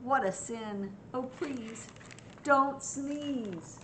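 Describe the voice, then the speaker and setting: A grandma doing fretful, pleading storybook bees. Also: female voice, a little high, extremely slow, a bit bright, a little hiss or hum. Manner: pleading, complaining.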